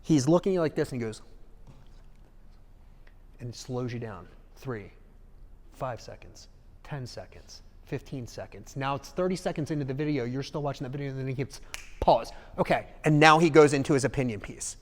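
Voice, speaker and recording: A man giving a live seminar talk in an animated way, acting out examples and checking in with the audience. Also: mid-range voice, moderate pace, long pauses, long reverb tail. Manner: animated, acts out examples, asks the audience "okay?". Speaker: seminar speaker.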